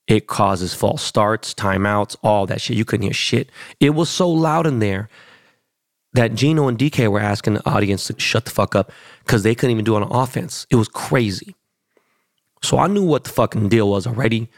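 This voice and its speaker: A man's voice: on the low side, creaky, no room sound, studio quality. A man hosting a podcast, telling a boastful, profane story in casual chat. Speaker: podcast host.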